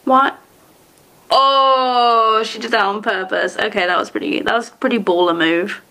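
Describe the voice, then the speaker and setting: A woman, casually commenting on a TV episode as she watches, sarcastic and quick to swear and laugh. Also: on the high side, steady tone, bright, forceful tone. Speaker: TV episode reactor.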